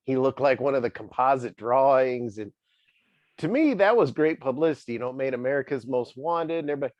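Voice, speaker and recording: A man hosts a loose interview, offering wry asides with a lively, swinging pitch. His voice is close and dry, with a slightly dull, muffled tone. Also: brisk, no room sound. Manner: wry, animated commentary. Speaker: podcast host. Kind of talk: casual interview chat.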